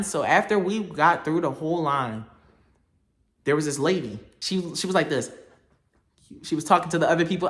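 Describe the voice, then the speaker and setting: A young man telling a story to the camera, animated and slangy, laughing often. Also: a little high, normal speed. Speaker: vlogger.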